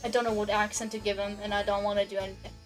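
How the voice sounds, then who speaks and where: A woman's voice: mid-range voice, flat delivery, very fast, low-quality recording. A woman streaming a game playthrough, chatting in a self-deprecating, joking way. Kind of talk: game playthrough, reading dialogue aloud. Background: game music.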